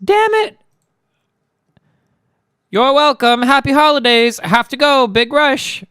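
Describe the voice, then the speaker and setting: A man reading comic lines as a chipper young British heroine in a rush, in a high put-on voice with an attempted British accent. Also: slow, dry recording, clean studio sound, exaggerated voice. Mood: flustered. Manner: breathless, excitable, reading comic lines aloud.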